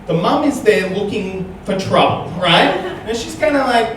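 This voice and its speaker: A male comedian telling a stand-up story and chatting on stage, animated and tagging lines with "right?". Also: high voice, normal speed, few pauses. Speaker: comedian guest. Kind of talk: live stand-up storytelling and chat. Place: small comedy venue with audience. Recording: echoey live room, distant mic, noisy.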